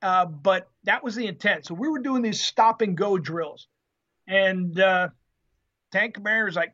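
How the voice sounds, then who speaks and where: A former Marine telling an animated story in an interview, acting out the quotes with salty language. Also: male voice, high voice, moderate pace, dull audio. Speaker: guest, former Marine tank driver.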